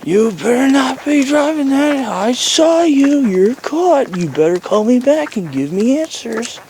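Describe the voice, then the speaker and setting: A man's voice: very animated, a little slow, creaky, a little mellow, slight background noise, exaggerated voice. A man putting on the voice of an agitated, bossy older man who rants over the top and makes accusations. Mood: angry. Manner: shrill, ranting, over the top.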